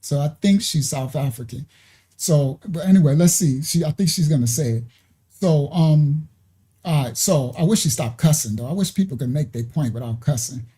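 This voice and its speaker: Chatty man with a dark, mellow voice. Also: fairly high pitch, normal speed, husky. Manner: chatty, talks to viewers as "y'all", hesitant fillers. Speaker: reaction video host. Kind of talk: casual reaction commentary.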